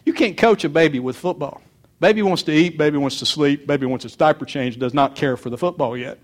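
Older pastor, somewhat high voice, preaching with anecdotes and repetition. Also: male voice, a little fast. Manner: storytelling, warm repetition for emphasis. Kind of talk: sermon.

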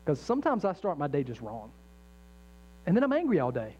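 Very animated and fairly quick, a middle-aged man preaches as a pastor in a dark-toned voice on the high side. He's earnest and conversational, weaving in jokes and acted-out inner voices, captured in dull lo-fi sound with faint mains hum.

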